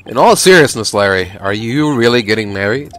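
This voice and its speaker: A man voicing a laid-back adult lawyer who runs his agency and talks in a dry, low-key way. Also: lively intonation, brisk, a bit bright, soft background music, close to an everyday voice. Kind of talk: fan voice-over of a video game.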